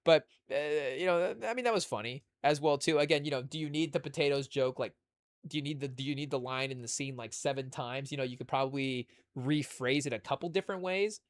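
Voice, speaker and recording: A man's voice: medium pitch, a little fast, no room sound. A man hosting a podcast in casual chat, rambling and leaning heavily on "you know" fillers. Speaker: podcast host.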